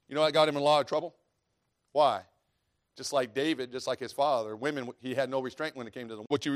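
A man preaching a sermon in a folksy, storytelling way, dropping to quiet asides and rising to loud preaching, reading scripture aloud. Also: mid-range voice. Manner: reads scripture in old-fashioned wording.

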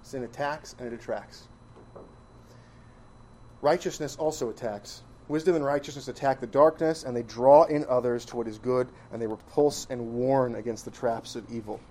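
A man's voice: mid-range voice, moderate pace, a little hiss or hum. Emphatic preaching man. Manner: emphatic, rhetorical questions, swings from loud to quiet. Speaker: pastor. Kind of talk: sermon.

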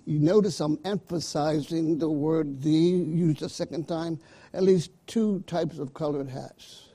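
Man preaching, slow deliberate delivery, husky mellow voice, emphatic call-outs. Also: a little high. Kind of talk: sermon.

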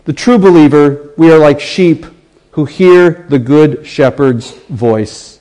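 A man preaching an expository sermon in an earnest way, repeating phrases for emphasis and swinging from hushed to raised. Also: a little high, slow pace, rough recording.

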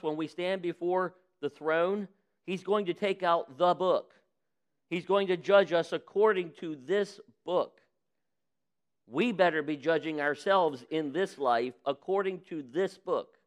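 Preacher guy, pretty high clear voice, folksy, does little voices for the people he quotes. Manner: preaching with acted-out quotes of sinners and God; folksy direct address to the congregation. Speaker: pastor. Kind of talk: sermon.

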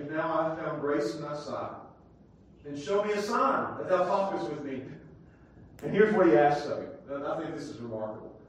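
A high-pitched male pastor delivers a sermon, his voice swinging between shouted appeals and low, hushed phrases. He sounds far from the microphone. The sanctuary around him echoes heavily. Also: a little hiss or hum. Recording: echoey room, distant from mic.

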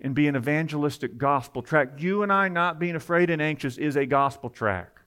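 A man preaching a sermon to a congregation, at times rising to loud, fervent emphasis, with quick asides. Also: fairly high pitch, clear, resonant tone.

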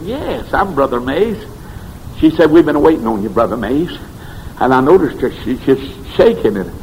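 A man preaching a revival sermon, telling stories and swinging between shouted peaks and hushed low passages. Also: slight background noise, rough recording.

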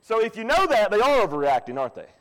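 A man's voice: sits high, huge pitch swings, fast talker. A man in his thirties preaching a sermon in a folksy, conversational way with touches of humor. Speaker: pastor. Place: church sanctuary. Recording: long church reverb.

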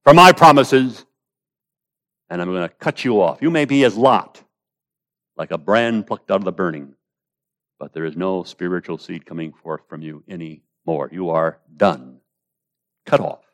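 A man delivers an expository sermon at a moderate pace, calling his listeners beloved. When he voices prayers his volume rises into loud pleading, and at other moments it drops low and quiet.

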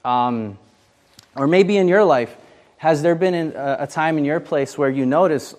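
A man's voice: medium pitch, normal speed, a little mellow. A man leading a casual Bible study, chatty and full of fillers, often asking the group questions. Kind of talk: casual interactive Bible teaching.

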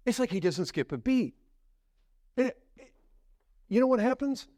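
With big swings in pitch and a slightly slow pace, a man preaches as pastor. He tells a story vividly, sinking low and quiet, then building intensity and asking the congregation rhetorical questions.

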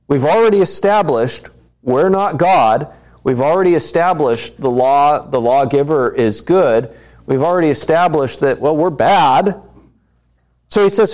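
A man preaching a sermon at an unhurried, measured pace. His voice is warm and mellow, and he keeps putting questions to the congregation and repeating lines for emphasis. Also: fairly high pitch, animated. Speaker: pastor.

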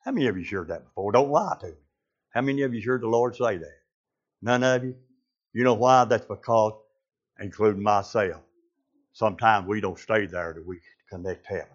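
A man's voice: fairly low pitch, moderate pace, long pauses, highs cut off. A man preaching a sermon, fervent and full of "uh" fillers, calling out to his congregation. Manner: fervent, with frequent "uh" fillers and call-outs to the congregation.

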